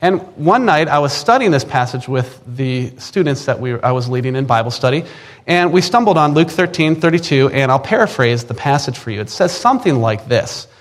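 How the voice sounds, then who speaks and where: A man's voice: mid-range voice, expressive, brisk. A man in his forties with an Upper Midwest American accent, preaching a personal testimony, earnest and emphatic, repeating words when he presses a point.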